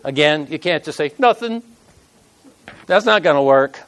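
Earnest preacher man, high smooth voice. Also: animated, a little fast, a bit bright. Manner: earnest storytelling, emotional, reads scripture aloud. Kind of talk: sermon with personal story.

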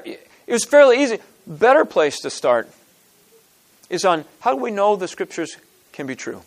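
A man giving an informal teaching talk to a group, with halting restarts, frequent throat clearing and pointed rhetorical questions. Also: high-pitched. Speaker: speaker at a church teaching session.

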